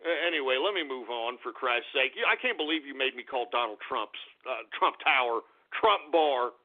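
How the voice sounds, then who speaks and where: A man's voice: medium pitch, animated, moderate pace. A man hosting a call-in radio show, ranting in exasperation, stammering and swearing. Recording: phone-like lo-fi radio audio.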